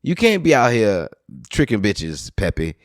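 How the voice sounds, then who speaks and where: Low-voiced rambling New Orleans man. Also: unhurried, no room sound, clean studio sound. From New Orleans, USA. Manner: rambling, profane, swings into high excited bursts. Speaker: podcast host. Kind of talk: casual storytelling monologue.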